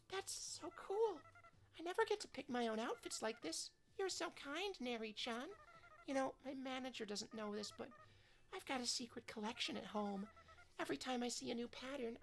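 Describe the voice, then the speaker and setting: A doting young woman designer, as a woman puts her on, speaking softly and gushingly with Japanese words dropped in. Her voice sits high and swoops brightly. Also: vocal fry.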